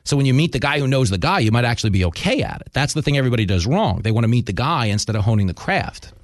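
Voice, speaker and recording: A man's voice: mid-range voice, rapid-fire, dry recording, clean studio sound. A man with a New York accent, a radio host and comedian, chatting casually in an interview and acting out voices in his stories. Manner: animated storyteller, acts out voices in anecdotes.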